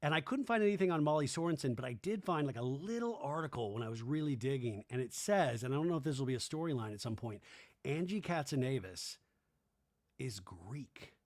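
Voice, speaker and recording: A man hosting a comedic podcast, recapping a reality show episode and breaking into shrill character impressions. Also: fast, no echo, clean studio sound. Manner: animated, switches into shrill screaming impressions.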